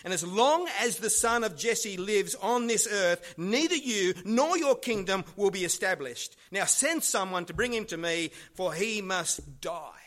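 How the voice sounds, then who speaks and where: A man's voice: high voice, animated, unhurried, hardly any pauses, fairly bright tone, pitched above the performer's own voice. A roaring, enraged old king, as a preacher acts him out. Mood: furious. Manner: roaring, accusing.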